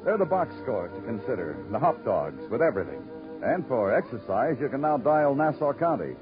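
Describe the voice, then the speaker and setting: A man's voice: mid-range voice, sing-song, fairly quick, natural voice. A weary, wisecracking detective, as a man plays him with clipped, dry delivery. Music plays behind his voice. The sound is muffled, like an old radio broadcast. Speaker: narrator. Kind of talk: 1950s radio drama narration.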